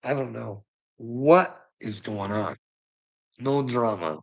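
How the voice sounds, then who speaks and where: A man's voice: mid-range voice, slow, long pauses, low-quality recording. A man delivering a rambling, profane monologue as a vlogger, laughing between phrases.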